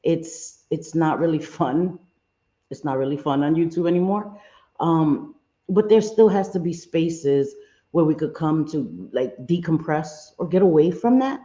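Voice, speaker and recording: A woman's voice: deep voice, lively intonation, a little slow, warm tone, lo-fi sound. A woman hosting a casual livestream, apologetic and chatty, greeting her viewers one by one. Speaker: livestream host.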